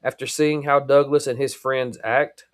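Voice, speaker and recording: Guy reading a book aloud, doing a nervous young woman, quiet and earnest, mid-pitched. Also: steady tone, moderate pace, no echo, clean studio sound, natural voice.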